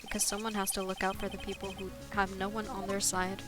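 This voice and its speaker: A woman's voice: medium pitch, monotone, fairly quick, over music, close to an everyday voice. A woman reading as an earnest young lawyer. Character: earnest young male defense lawyer, determined.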